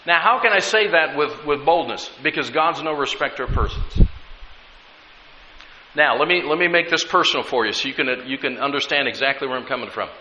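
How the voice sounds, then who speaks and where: A bright, piercing male pastor preaches with emphatic stress, dragging out key words and repeating lines. His voice rings through a roomy hall with a long reverb tail. The recording is dull and lo-fi, with a faint hiss underneath. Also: fairly high pitch, animated, brisk. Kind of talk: sermon.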